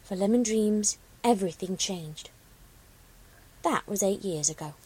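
A woman hosting a show and narrating a story aloud in an expressive, dramatic reading style. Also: mid-range voice, measured pace, noisy background. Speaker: story reader, show host.

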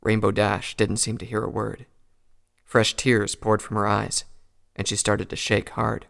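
A man reading a pony fan fiction story aloud in a calm, even storytelling voice. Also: fairly low pitch, unhurried, gravelly. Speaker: narrator.

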